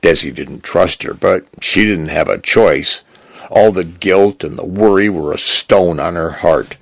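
A man with a gravelly voice reading a story aloud in measured narration. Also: low-pitched, no room sound. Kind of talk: scripted narration.

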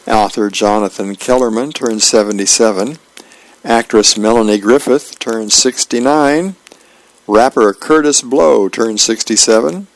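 A man volunteering as a radio reader, reading the newspaper and comics aloud in a gentle, plain way. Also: mid-range voice, gravelly, no room sound.

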